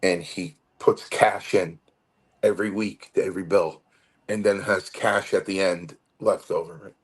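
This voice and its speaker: A retired wrestler in his late fifties, speaking as an interview guest, tells long, animated stories full of restarts and acted-out quotes. His voice is deep and a little breathy, and his pace is measured.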